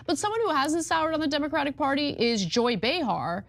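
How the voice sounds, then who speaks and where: Give me a woman co-hosting a political talk show, wry and fast-talking. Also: high-pitched, sing-song, gravelly. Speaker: co-host.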